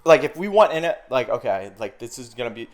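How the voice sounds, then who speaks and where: A man's voice: mid-range voice, sing-song, fast. A man telling a story in casual podcast chat, swearing freely and acting out quoted dialogue. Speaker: podcast guest.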